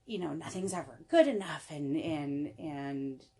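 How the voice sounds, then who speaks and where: A woman's voice: low voice, expressive, unhurried, warm tone. A young adult woman, a podcast guest, talking in a rambling, casual way full of restarts and "you know". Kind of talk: casual chat.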